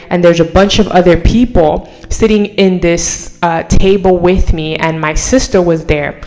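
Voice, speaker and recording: A woman's voice: lowish voice, a little mellow. Earnest young woman sharing a testimony. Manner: earnest, rambling, fillers like "like" and "right?". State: emotional, near tears at times. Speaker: vlogger. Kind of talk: casual personal testimony to camera.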